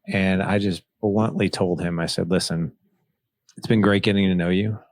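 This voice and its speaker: A man's voice: deep voice, steady tone, normal speed, dry recording. A man as a podcast guest, earnestly telling a personal story and retelling past conversations. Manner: earnest, retells dialogue with "he's like".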